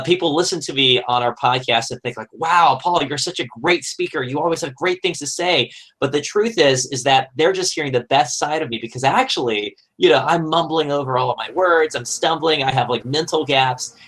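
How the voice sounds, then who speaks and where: A man, a podcast host, speaking as a guest on an online panel in a relaxed, conversational way with frequent fillers. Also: mid-range voice, low-quality recording. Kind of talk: casual panel discussion.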